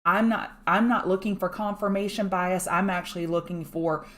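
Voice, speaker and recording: A woman giving fast, chatty live chart commentary from home and thanking viewers by name. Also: on the low side, fairly even intonation, a bit bright. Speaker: market analyst host. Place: home room.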